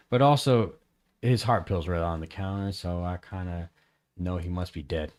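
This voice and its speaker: A man on a podcast telling a story in casual chat, rambling and halting with many fillers and restarts. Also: low voice, a little mellow. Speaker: podcast host.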